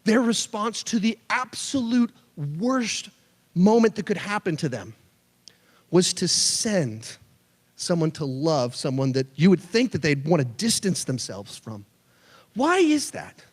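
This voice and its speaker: A man's voice: fairly high pitch, unhurried. A man in his thirties preaching a sermon to students, telling stories with jokey asides. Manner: animated storyteller, jokey asides. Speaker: youth pastor. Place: church hall. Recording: long hall reverb.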